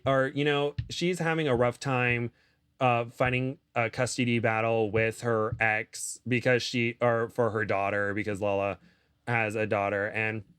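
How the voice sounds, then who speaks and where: A man's voice: medium pitch, clear, resonant tone, no echo, studio quality. A man recounting reality-show gossip in a casual chat, rambling with frequent restarts and self-corrections. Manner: rambling retelling with many restarts, acting out quotes. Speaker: podcast guest.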